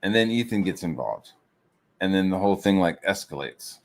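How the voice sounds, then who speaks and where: A man with a very low voice rants casually as he works on comic pages. His talk rambles, loaded with profanity and filler words, loose and unscripted. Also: animated, moderate pace. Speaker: streamer and comic artist.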